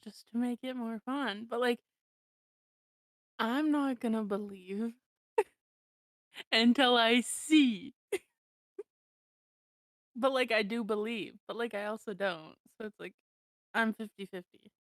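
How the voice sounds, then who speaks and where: Giggly rambling young woman, slow. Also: on the high side, no room sound, clean studio sound. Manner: giggly, rambling, many "like" fillers. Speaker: podcast co-host. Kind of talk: casual chat.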